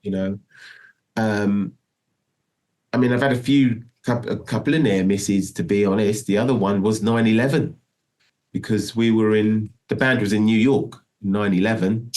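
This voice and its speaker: A man's voice: lowish voice, steady tone, normal speed, a little mellow. A middle-aged man telling a long story in a casual interview, rambling and restarting often. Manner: rambling, full of restarts and "do you know what I mean". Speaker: guest musician.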